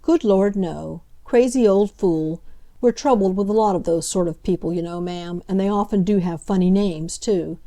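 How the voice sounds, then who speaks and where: A blunt but kindly police inspector, chatty and plain-spoken, his voice set a little lower and quieter than the narration, as a woman reads him in a storybook. The tone stays warm and mellow. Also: moderate pace, natural voice. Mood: confiding. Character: blunt, good-natured male police inspector.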